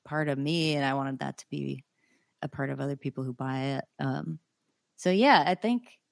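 A woman's voice: rumbling low, moderate pace, vocal fry, no room sound. A young woman, a singer-songwriter guest, chatting casually and enthusiastically with lots of fillers. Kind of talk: casual interview chat.

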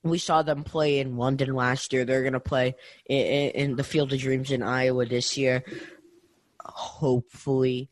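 A man's voice: mid-range voice, normal speed, dry recording. Young man chatting on a sports podcast. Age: young adult. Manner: animated, many restarts and tag questions. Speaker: podcast co-host. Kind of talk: casual sports podcast chat.

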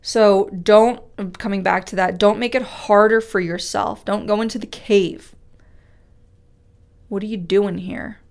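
A woman giving a devotional Bible teaching, earnest and conversational, who repeats key phrases for emphasis and reads scripture slowly and weightily. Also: mid-range voice, steady tone, a little mellow. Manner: reads scripture aloud with slow, weighty delivery. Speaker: speaker teaching a Bible study.

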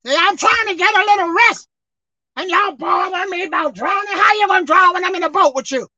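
An exasperated Lord, roused from sleep, scolds and mocks his panicking followers in a raised, shouting voice, as a high-voiced preacher puts him on. The pitch jumps well above the speaker's usual level. The sound is close and dry, with no room echo. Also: a little fast, dull audio, full character voice. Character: exasperated male Lord woken from sleep, teasing.

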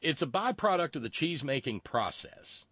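Lively folksy talk-show host, man. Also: a little high, normal speed, breathy edge, no echo. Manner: folksy, Southern-flavored banter with lots of restarts. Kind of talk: casual call-in chat.

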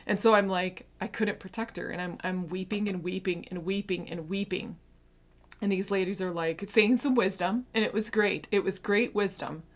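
A woman's voice: medium pitch, moderate pace. Woman, 30s, heartfelt Christian testimony speaker, earnest and emotional, mid-range voice. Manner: earnest, heartfelt, shifts between hushed and intense.

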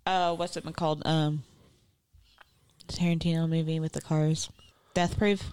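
A woman's voice: low-pitched, level tone, a little slow, a little mellow, clear, resonant tone. A woman co-hosting a podcast, tipsy, laughing often and swearing freely in casual chat. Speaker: podcast co-host.

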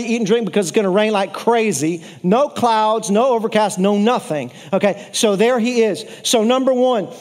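A man preaching a sermon, telling the story in a lively way with playful asides to his congregation and repeating key phrases for emphasis. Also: very high voice.

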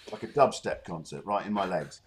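Middle-aged man, lowish voice, rambling and hesitant, casual chat. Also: unhurried, a crowd in the background. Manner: rambling, hesitant with many fillers. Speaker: guest musician.

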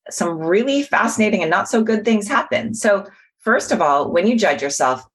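Woman, middle-aged, low voice, husky, earnest, explanatory, casual conversation. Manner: earnest, explanatory, warm-hearted teaching tone. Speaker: guest, mindfulness teacher.

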